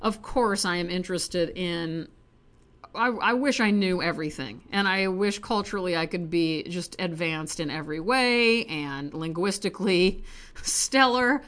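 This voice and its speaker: A woman's voice: on the low side, measured pace, a bit bright. An American woman reading poetry aloud at home, chatty and self-deprecating, wandering into asides between poems. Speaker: poetry reader. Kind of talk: casual poetry reading vlog.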